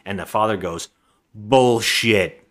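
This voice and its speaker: A man's voice: lowish voice, animated, moderate pace, fairly bright tone, faint music behind. A man co-hosting a podcast, casually recapping a movie in a rambling way, acting out the characters' lines. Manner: rambling, acts out lines in voices. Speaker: podcast co-host.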